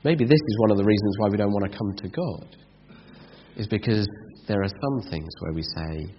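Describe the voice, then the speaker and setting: Guy preaching a sermon, lively up and down voice, earnest, long echo, dull lo-fi sound. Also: on the low side, normal speed, slight background noise. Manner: earnest, rising emphasis and rhetorical questions. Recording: dull lo-fi sound in a reverberant hall.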